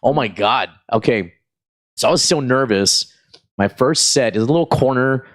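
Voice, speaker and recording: A middle-aged comedian from South Texas tells stories in an easy, casual chat. His voice sits at an ordinary male pitch, and he acts out the people in his tales. He fills his talk with "you know" and "uh.". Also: moderate pace. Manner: animated storyteller, acts out voices, frequent fillers. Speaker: stand-up comedian, podcast guest.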